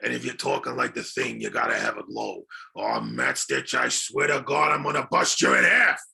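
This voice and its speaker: A man voicing a gruff rock-bodied male comic-book brawler, with a gravelly voice and tough street bluster. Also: medium pitch, animated, normal speed, pushed and bright, full character voice. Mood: threatening.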